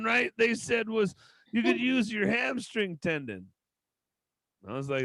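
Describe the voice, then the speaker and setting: A man hosting an online comedy show, telling loud, brash stand-up stories full of swearing. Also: sits high, sing-song, measured pace, creaky, no echo.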